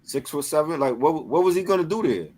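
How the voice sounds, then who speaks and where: A man co-hosting a casual talk show, agreeable, often affirming his partner and offering relaxed opinions. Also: a little high, fast, slightly rough. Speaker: podcast co-host. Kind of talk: casual chat.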